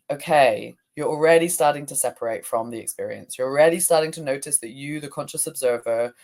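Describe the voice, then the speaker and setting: Appearing as an interview guest, this woman, who works as an emotional release coach, talks in a reflective, conversational way and frequently searches for words using fillers. Her pitch is extremely low and her tone darkish, and she talks fast with hardly any pauses.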